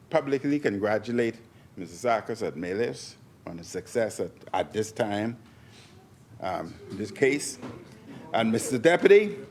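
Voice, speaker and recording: A man's voice: medium pitch, darkish tone, slight background noise. A man giving a parliamentary speech, stressing points by repeating phrases. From Bahamas. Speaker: member of parliament. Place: parliament chamber.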